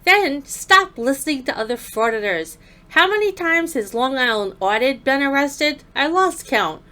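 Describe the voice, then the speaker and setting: Bright-voiced sarcastic woman commentator. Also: high-pitched, expressive, moderate pace. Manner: sarcastic, scolding. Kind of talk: mocking voice-over commentary.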